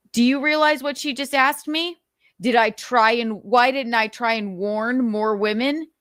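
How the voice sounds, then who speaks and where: A woman's slightly high, somewhat bright voice comes through in an echo-free studio recording. Hosting a livestream, she rants in anger, cursing constantly and repeating rhetorical questions. At moments she is choked up.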